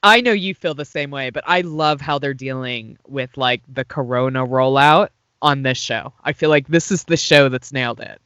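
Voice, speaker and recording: A woman's voice: a bass voice, moderate pace, hardly any pauses, a bit bright, clean tone, dry recording. A woman co-hosting a podcast, chatting casually about reality TV and mostly answering with short agreements. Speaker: podcast co-host. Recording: dry, dull lo-fi sound.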